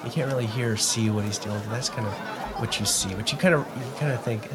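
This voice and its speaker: A man's voice: fairly low pitch, quick pace, a loud crowd, very noisy. A man narrating as game master of a tabletop game, casual and hesitant with many fillers.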